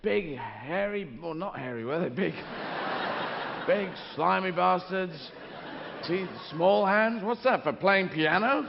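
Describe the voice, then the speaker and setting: A man's voice: sits high, lively intonation, slow pace, creaky, dull audio, heavily acted. A male comedian playing Jesus as a whiny, complaining young son, recorded live in a reverberant hall with crowd noise.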